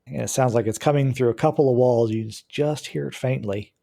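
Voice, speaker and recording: A man narrating a tabletop game as game master, describing scenes in a halting way. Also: medium pitch, gravelly, warm tone.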